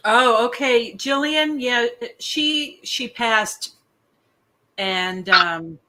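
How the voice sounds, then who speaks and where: A woman's voice: fairly high pitch, lively intonation, drawn-out words, pushed and bright. A woman hosting a casual live stream, chatting and reading out viewers' questions. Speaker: host.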